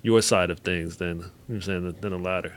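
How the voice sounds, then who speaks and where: A man co-hosting a podcast who talks in a reflective, measured way. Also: sits low, fairly even intonation. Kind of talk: casual podcast chat.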